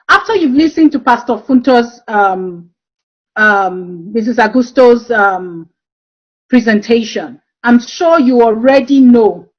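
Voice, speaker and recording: A woman giving an online presentation to education consultants, telling stories with frequent "um" fillers. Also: on the high side. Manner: warm storytelling with frequent um fillers. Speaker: speaker. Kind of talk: webinar presentation. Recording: dull lo-fi online call audio.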